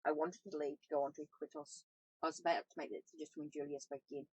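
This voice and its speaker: A woman's voice: low-pitched, big pitch swings, quick pace, vocal fry, a little mellow, husky, no room sound, poor audio. A woman reading a first-person novel aloud, with small slips and self-corrections. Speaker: audiobook reader, tarot channel host.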